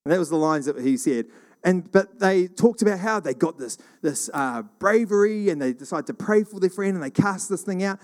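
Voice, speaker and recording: A middle-aged man from New Zealand telling rambling church stories in a casual, animated monologue. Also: high-pitched, normal speed. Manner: rambling, animated, acts out quoted voices.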